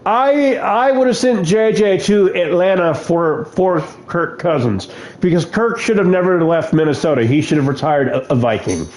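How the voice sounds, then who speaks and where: A man playing a football video game and commentating his plays, given to shouting at the game. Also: high-pitched, lively intonation, normal speed, roomy sound. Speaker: gaming video host.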